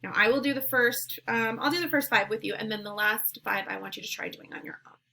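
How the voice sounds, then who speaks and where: A woman teacher leading a phonemic awareness lesson, saying words and sounds slowly and clearly, with short words of encouragement between drills. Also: fairly high pitch, pushed and bright, a little hiss or hum. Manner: slow, clearly enunciated drills.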